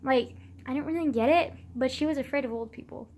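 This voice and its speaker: A teenage girl chats to her phone camera in a loose, rambling vlog. She strings thoughts together with endless "like"s and casual swearing. Her voice sits a little high. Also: a little fast, darkish tone, a little hiss or hum. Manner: rambling, full of "like", swears freely. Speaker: vlogger.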